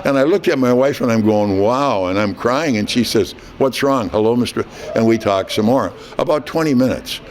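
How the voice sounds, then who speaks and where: A man in his eighties, a veteran hockey broadcaster, telling a lively story in an interview. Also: mid-range voice, brisk, hardly any pauses, a little hiss or hum. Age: 80s. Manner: animated anecdote teller, quoting others.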